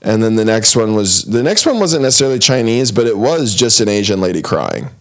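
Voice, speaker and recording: A man's voice: on the low side, very animated. A man in casual comedy podcast talk, rambling through fillers like "like" and "it's". He tosses in short dry teasing remarks. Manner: loose, filler-heavy, quick dry asides. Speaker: podcast co-host.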